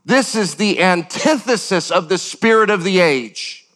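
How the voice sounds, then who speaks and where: An older man preaching a sermon as pastor, animated, with sudden jumps up in pitch and acted-out quotes. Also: measured pace.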